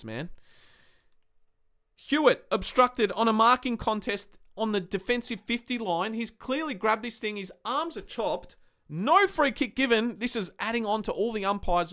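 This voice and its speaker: A man's voice: high-pitched, lively intonation, moderate pace, bright, forceful tone. A young Australian man hosting a live-stream football match review, heated and sweary as he rants about the game. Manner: heated, sweary, ranting fan commentary. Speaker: podcast host.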